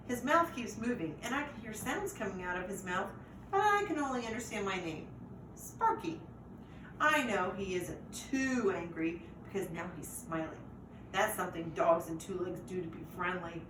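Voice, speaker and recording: A woman reading a chapter book aloud to children in a lively way, pausing to ask the listeners questions. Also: medium pitch. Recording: roomy echo, distant mic, faint noise.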